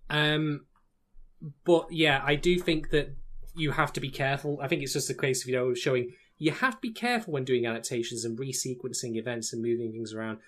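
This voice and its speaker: A man co-hosting a casual podcast, speaking in a measured, thoughtful way and teasing his co-host. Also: medium pitch, a bit bright. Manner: measured, teasing, addresses listeners as folks.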